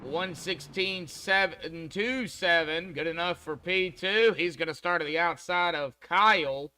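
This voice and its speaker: A man's voice: high-pitched, unhurried, pushed and bright, clear, resonant tone. A man commenting on an online sim race as host, chatty and folksy, talking to drivers like buddies. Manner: chatty, folksy, calls people buddy. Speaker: race broadcaster.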